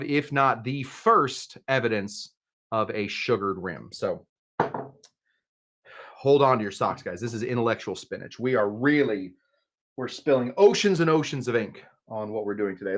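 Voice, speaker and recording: A man's voice: medium pitch, fairly bright tone. A man hosting a casual livestream cocktail demo, chatty, with jokey asides and frequent restarts. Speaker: bartender and show host.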